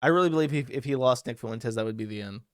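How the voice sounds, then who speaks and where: A man's voice: medium pitch, fast, smooth, no room sound, studio quality. A man hosting a commentary show, talking over clips in a crude, sarcastic, profane way.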